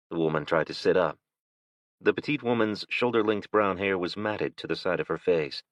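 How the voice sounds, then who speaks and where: A man reads an audiobook in a steady, measured voice. His voice is very low. The recording is dry and close, with a slightly dull, lo-fi tone. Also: no echo. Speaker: audiobook narrator. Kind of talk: scripted narration.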